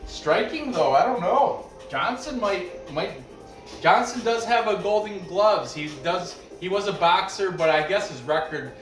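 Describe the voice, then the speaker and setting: Sounding animated, a man with a high, fairly bright voice speaks at a measured pace as he hosts a show of sports betting picks. His commentary is loose and rambling, with many restarts and asides, and the distant, off-mic recording carries room echo and faint music.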